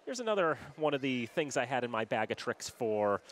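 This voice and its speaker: A man's voice: medium pitch, sing-song, fairly quick. A young man from New calling a college hockey game on local access TV, rattling off stats in a conversational style. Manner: stat-heavy, conversational, shouts on goals. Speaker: play-by-play commentator. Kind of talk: sports broadcast commentary.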